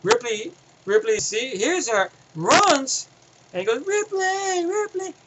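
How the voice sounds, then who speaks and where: A man giving a casual, rambling film review, excitable and profane, often restarting his sentences. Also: very high voice, slow, heavy background noise.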